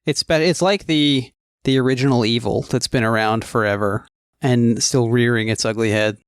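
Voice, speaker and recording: A man co-hosting a podcast, talking about films in a rambling, halting way with many restarts. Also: mid-range voice, smooth, dry recording, clean studio sound. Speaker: podcast co-host. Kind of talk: casual film discussion.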